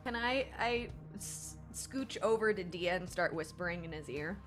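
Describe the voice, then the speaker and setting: A woman's voice: on the low side, animated, moderate pace, over music. A woman playing a tabletop game, playful and giggly. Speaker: player.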